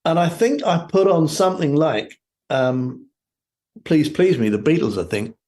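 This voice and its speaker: A man's voice: fairly high pitch, animated, a little slow, a little mellow. A man guesting on an interview show, chatting casually and telling rambling stories with many fillers. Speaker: guest musician.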